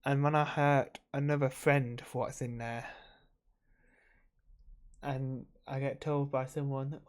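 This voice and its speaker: A man's voice: medium pitch, little pitch movement, slow, pauses often, clean tone. A man talking to camera in a casual, rambling vlog, emotional and swearing freely while he drinks. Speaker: vlogger.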